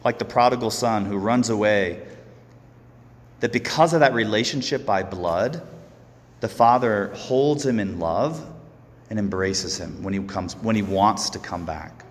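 A man who is a Catholic priest giving a sermon, earnest and slow, often repeating words as he goes. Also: lowish voice, long reverb tail, a little hiss or hum.

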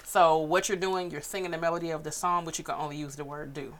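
A woman's voice: deep voice, steady tone, quick pace, slight background noise. A woman comedian as a podcast guest, talking loosely and playfully and laughing often. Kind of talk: casual chat.

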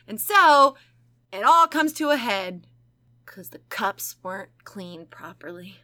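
Bright, lively woman telling a crime story. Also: medium pitch, slow pace. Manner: laughing, profane, animated storytelling. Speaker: podcast co-host. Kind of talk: casual true-crime podcast chat.

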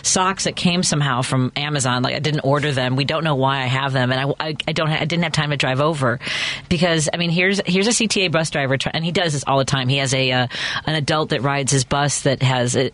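A man's voice: medium pitch, a bit bright. A man hosting a talk radio show, chatting casually and rambling through stories with many restarts. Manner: rambling, lots of restarts and laughs.

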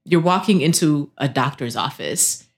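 A woman in her thirties co-hosting a podcast, chatting casually and acting out quotes with big jumps in pitch. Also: normal speed. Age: 30s. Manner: animated storyteller, acts out quotes with pitch jumps. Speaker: podcast co-host. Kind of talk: casual chat.

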